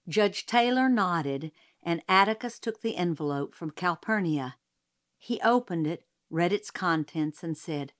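A woman narrating an audiobook in a slow, deliberate way. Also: fairly low pitch, expressive.

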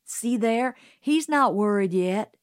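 A woman's voice: on the high side, expressive, slow pace, no room sound, studio quality. A woman voicing an anxious boy. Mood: worried. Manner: urgent, sometimes hushed to a whisper. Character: anxious Southern boy, protective older brother. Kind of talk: audiobook character voice.

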